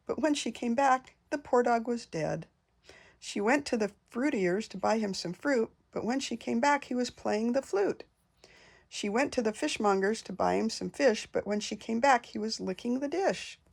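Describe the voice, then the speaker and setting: An older woman reading nursery rhymes aloud in a gentle singsong. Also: a little high, expressive, normal speed, gravelly. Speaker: storyteller.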